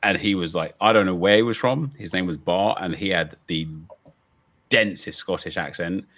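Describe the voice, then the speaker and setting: Very deep, bright-toned man chatting casually. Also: moderate pace. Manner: laid-back, many fillers, laughs while talking. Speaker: co-streamer. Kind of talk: casual livestream chat.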